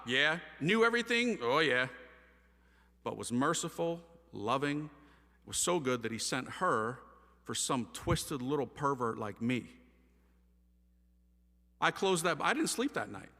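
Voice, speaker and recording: A middle-aged man tells his story with lively, self-mocking energy, slipping in and out of other people's voices. His voice is bright and sits fairly high, with wide swings of pitch. It carries a long reverb, as from a large hall. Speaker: speaker telling his conversion story. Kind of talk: animated storytelling talk.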